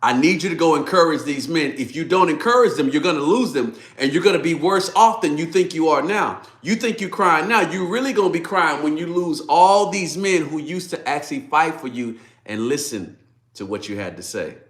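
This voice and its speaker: A man's voice: on the high side, animated, moderate pace, fairly bright tone, roomy sound. A man voicing a blunt army commander who pleads insistently with his king. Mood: urging.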